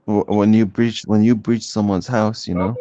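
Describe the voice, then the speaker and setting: A man with a low, dry voice tells stories in a casual, heated debate. He rambles, repeats himself and keeps saying bro. The recording sounds a little dull. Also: steady tone, normal speed, dark tone, no room sound, soft background music. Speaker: debate participant.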